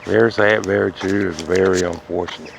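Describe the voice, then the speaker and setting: A man hosting his own show, delivering a rambling comic monologue in a preachy, repetitive way that swings from loud to muttering. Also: low-pitched, steady tone, fairly quick, creaky, noisy background. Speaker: show host.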